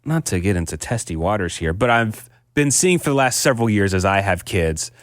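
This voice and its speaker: A man's voice: fairly low pitch, very animated, no room sound, studio quality. A man co-hosting a casual parenting podcast, chatty and self-deprecating. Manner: chatty, self-deprecating, quick to laugh along. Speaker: podcast co-host.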